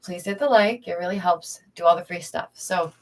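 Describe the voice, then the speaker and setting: Young woman, casual livestream chat, low-pitched voice, frequent laughs, talks directly to viewers, indoors at home. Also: normal speed. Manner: chatty, laughs often, addresses viewers directly. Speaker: streamer and art teacher.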